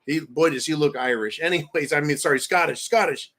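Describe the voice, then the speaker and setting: An American man hosting a live stream, ranting loudly with crude insults between reading out donations. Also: fairly high pitch, a little fast. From United States.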